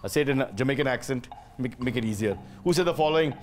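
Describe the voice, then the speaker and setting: A man with an Indian English accent hosting a quiz show, playful and teasing with quick asides. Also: mid-range voice, a little mellow, slight background noise. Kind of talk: joking game show hosting.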